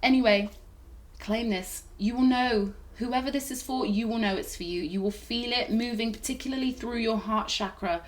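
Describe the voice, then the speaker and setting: A woman's voice: a little high, normal speed. A woman giving a tarot reading to camera, gushing and reassuring, often checking in with "okay?". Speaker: tarot reader.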